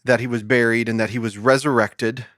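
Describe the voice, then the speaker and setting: A male podcast host who reads scripture in a slow, deliberate way, then turns to his guest with questions. His voice sits at an ordinary pitch and is recorded close and dry, with no room sound. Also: steady tone, a bit bright, no echo. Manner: reads scripture aloud slowly and asks questions. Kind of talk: casual Bible study conversation.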